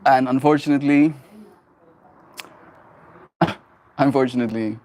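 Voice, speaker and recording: A young man in his twenties talks to his stream in an animated, emphatic way. He tells a story and laughs often. His pitch sits in an ordinary middle range. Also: unhurried, a little hiss or hum. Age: 20s. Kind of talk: casual livestream storytelling.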